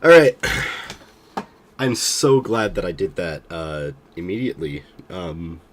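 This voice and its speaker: A young man streams a game with a low, expressive voice at a slow pace, sounding sick and tired. He rambles casually with lots of hesitation and pokes fun at himself.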